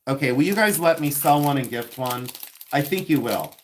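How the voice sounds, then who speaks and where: Man, 50s, from Ohio; chatty livestream host, loose and rambling, mid-pitched. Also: lively intonation, moderate pace, slight background noise. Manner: chatty and rambling, laughs often. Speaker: livestream host selling vintage jewelry. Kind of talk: casual live chat with viewers.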